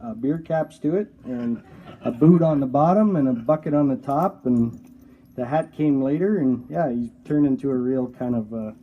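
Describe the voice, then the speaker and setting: A man's voice: mid-range voice, normal speed, narrow, tinny audio. Laid-back Canadian man, joking band guest. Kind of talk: casual interview. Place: outdoor front porch.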